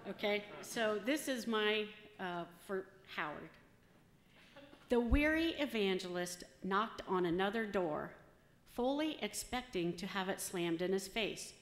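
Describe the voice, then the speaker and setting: A woman's voice: mid-range voice, a little slow. A woman telling a joke to a church congregation in a chatty, casual way. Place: church sanctuary. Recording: echoey church hall with long reverb.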